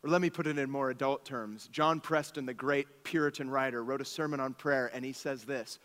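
A man in his thirties, a pastor preaching a sermon, telling stories with animated swings from soft asides to exclamations. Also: mid-range voice, a little fast, few pauses, long reverb tail.

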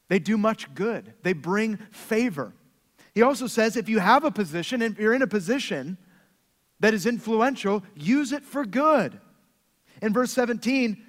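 High-voiced male pastor in a reverberant hall. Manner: earnest, with playful asides and acted-out family quotes. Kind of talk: sermon.

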